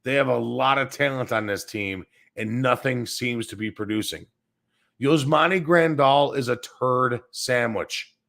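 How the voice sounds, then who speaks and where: Smoking in his home studio, a Chicago-area man hosts a sports show and delivers a profane, crude, blunt rant. He speaks a little slowly in a fairly bright mid-range voice with vocal fry.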